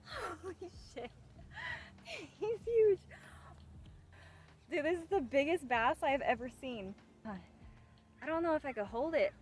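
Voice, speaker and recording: A woman's voice: high voice, moderate pace. Chatty young woman fishing outdoors. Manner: excitable, shrieks and laughs at a big catch; chatty, playful slang. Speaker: fishing vlogger. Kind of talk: casual live-stream chat. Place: outdoors at a pond shore.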